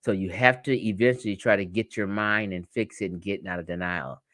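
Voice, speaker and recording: A man's voice: low-pitched, brisk, fairly bright tone, dry recording, studio quality. A man from the United States hosting a livestream, talking casually and profanely to his viewers, telling stories and laughing often. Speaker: livestream host.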